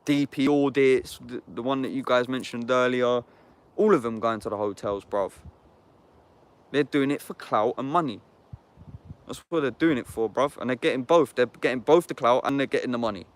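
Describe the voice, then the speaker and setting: A man in a casual livestream chat, talking bluntly and heatedly, swearing and saying "bruv" constantly. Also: medium pitch.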